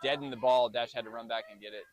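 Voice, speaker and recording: A man's voice: medium pitch, fairly even intonation, fast. A middle-aged man, a dad doing amateur play-by-play commentary of his son's youth baseball game in a chatty, self-joking announcer manner.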